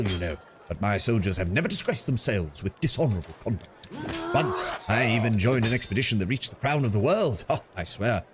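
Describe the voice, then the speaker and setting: A man's voice: on the low side, background noise, close to an everyday voice. A man voicing a pompous, chatty male mercenary captain in a put-on British accent, reading game dialogue aloud. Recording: music playing behind.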